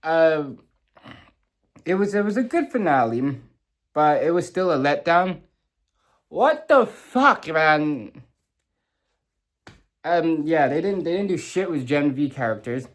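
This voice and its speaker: A young man talks through a TV finale in a loose, rambling vlog. His voice sits a little high, and he stops, restarts and swears as he goes. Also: expressive. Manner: emotional, halting, swears, many fillers and restarts. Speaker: vlogger reviewing a TV show. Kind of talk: casual rambling reaction review.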